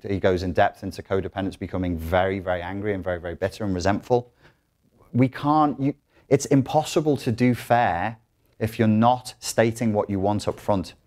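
A man speaks to an audience in a lecture room with a fairly low voice. His delivery is animated, and he acts out quotes in other voices. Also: brisk. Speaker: speaker giving a talk. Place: lecture room in an academic institution.

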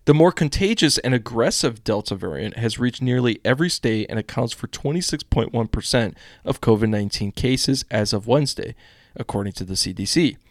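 A young American man hosts a political commentary stream casually and ramblingly, reading headlines and drifting into chatty asides. His medium-pitched voice is animated and fairly quick, sounding close and dry with no room sound.

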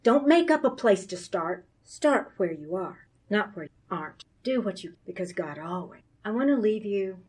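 Woman Bible teacher, earnest and confiding, mid-pitched, sitting back from the mic. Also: expressive, moderate pace, hardly any pauses, breathy edge, far from the mic. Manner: earnest, confiding, laughs softly between points. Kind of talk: sermon.

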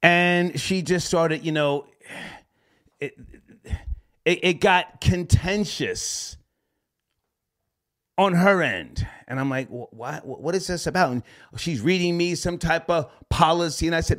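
Profane, animated male call-in host. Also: a little high, measured pace. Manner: animated, profane, laughs while telling stories. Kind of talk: casual rambling storytelling.

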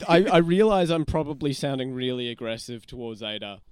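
A man's voice: mid-range voice, animated, fairly quick, clean tone, no room sound. A man in comedic improv banter, mock-apologetic and rambling.

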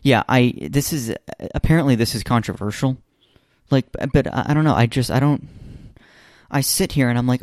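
An American man co-hosting a casual chat podcast, talking in an animated, rambling way with many restarts. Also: mid-range voice, moderate pace, no room sound, studio quality. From United States. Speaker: podcast co-host.

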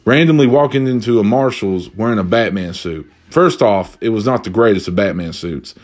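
A young man telling a comedic story casually, profane and animated, jumping from high exclamations to low asides. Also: normal speed. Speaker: vlogger.

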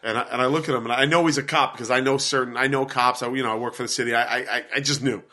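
A man co-hosting a podcast, telling stories in casual chat, animated and full of profanity. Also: mid-range voice, racing. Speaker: podcast co-host.

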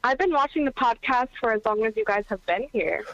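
A woman's voice: a little high, expressive, a little fast, a bit bright, dry recording. A woman calling in by phone from a hookah lounge, tipsy, bubbly and slangy. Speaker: caller. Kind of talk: casual phone call-in. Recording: dull lo-fi phone line.

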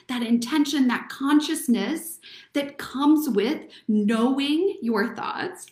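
A woman's voice: fairly high pitch, roomy sound. A woman giving an upbeat, encouraging motivational talk, speaking straight to her listeners and calling them friends. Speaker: host. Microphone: recorded to camera.

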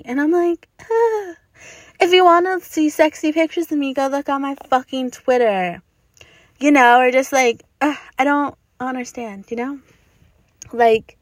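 A woman's voice: high-pitched, no room sound. A young woman hosting a solo podcast from inside a car, talking bluntly with lots of swearing and frequent laughter. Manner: profane, blunt, laughing often. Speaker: podcast host.

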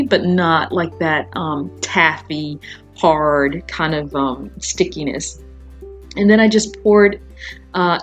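A woman's voice: fairly low pitch, highs cut off. A woman hosting her own podcast, chatting casually and rambling, with frequent fillers and laughs. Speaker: podcast host. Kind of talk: casual solo podcast chat.

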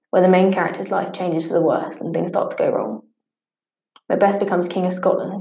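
A woman reading a scripted study lesson at a steady pace, sometimes stumbling and restarting on harder words. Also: fairly low pitch, creaky. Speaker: teacher. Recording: echoey room.

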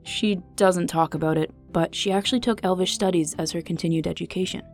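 A woman's voice: on the low side, fairly even intonation, a little fast, soft background music, close to an everyday voice. A woman reading the lines of a polite, slightly awkward young man who is earnest and apologetic. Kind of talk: audiobook character reading.

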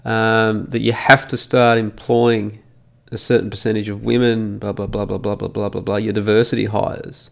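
A man's voice: on the low side, flat delivery, moderate pace, vocal fry. A middle-aged Australian man hosting a solo podcast, ranting profanely in a mocking, emphatic way into a studio microphone. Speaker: podcast host.

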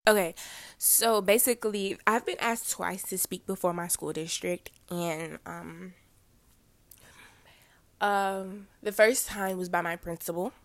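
A woman's voice: fairly low pitch, fairly even intonation, takes it slowly. Chatty teenage girl podcasting. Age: teens. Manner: chatty, lots of fillers and self-corrections. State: congested. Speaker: podcast host. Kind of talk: casual podcast monologue.

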